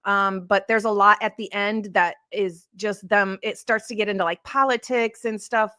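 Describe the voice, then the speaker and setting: A chatty woman hosts a true crime livestream and rambles as she replies to her chat. Her pitch sits in the middle range for a woman. The sound is dry and close, with no room echo. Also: fairly even intonation, normal speed, pushed and bright. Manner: rambling, chatty, answers live chat comments. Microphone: streaming setup.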